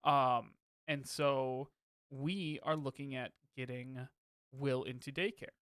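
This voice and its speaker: A man's voice: mid-range voice, fairly even intonation, takes it slowly, a bit bright, clear, resonant tone, dry recording, clean studio sound. A man co-hosting a podcast, chatting casually and self-deprecatingly over a video call and laughing easily. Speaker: podcast co-host. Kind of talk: casual chat.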